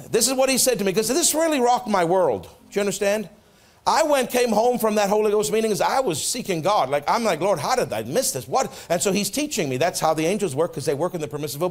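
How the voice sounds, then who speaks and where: A middle-aged pastor preaching in a church with a high, very lively voice that leaps up and sinks down. He tells his story with energy and acts out both sides of the dialogue, dropping quiet for the quoted lines. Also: quick pace. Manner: animated storytelling, acts out prayers and dialogue, drops soft for quotes. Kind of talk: sermon. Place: church sanctuary.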